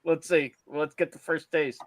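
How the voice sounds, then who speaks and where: A man hosting a casual livestream chat, excitable and swearing, laughing often. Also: a little high, normal speed, no room sound. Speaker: host.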